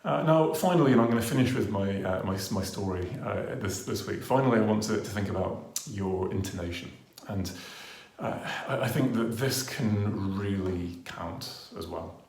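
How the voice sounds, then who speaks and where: A man's voice: on the low side, moderate pace, vocal fry, darkish tone. A man presenting a training talk to camera on a lapel mic, earnest, with frequent ers and ums, varying his pace and volume to demonstrate. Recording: roomy echo.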